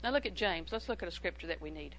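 A woman's voice: fairly low pitch, expressive, quick pace, fairly bright tone, slight background noise, rough recording. A woman preaching a sermon in a humorous, conversational way, repeating phrases for emphasis.

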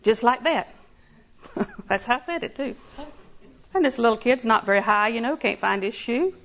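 A woman's voice: a little high, expressive, moderate pace, fairly bright tone. A woman preaching a sermon in a conversational way, laughing often and building emphasis.

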